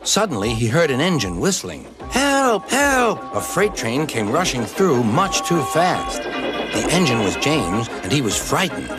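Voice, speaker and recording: A man reading a children's storybook aloud in an expressive way. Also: mid-range voice, moderate pace. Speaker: narrator. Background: music.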